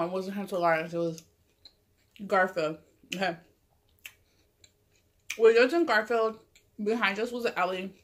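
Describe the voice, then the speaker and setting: A woman tells a story to her camera in a loose, rambling way. She fills her talk with "like" and keeps stopping to correct herself. Her voice sits at a middle pitch. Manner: rambling, full of "like" and self-corrections. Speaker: mukbang vlogger. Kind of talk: casual storytelling.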